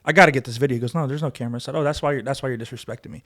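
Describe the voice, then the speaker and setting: On a podcast, a male guest spins a story in casual conversation, talking rapid-fire at a medium pitch. He's animated and profane, acting out both sides of every argument.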